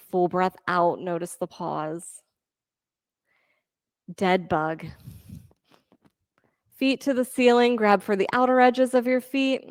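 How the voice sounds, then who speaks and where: A woman leading a yoga class, calmly cueing moves and breaths and counting reps with encouragement. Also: mid-range voice, no room sound. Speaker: yoga instructor. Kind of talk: guided yoga class cues.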